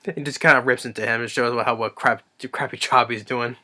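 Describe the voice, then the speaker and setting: A man's voice: mid-range voice, steady tone, a little fast, pushed and bright. A man giving a casual, rambling, enthusiastic recap of a movie's plot as a reviewer, now and then acting out the characters' lines. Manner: rambling and enthusiastic, acts out quotes.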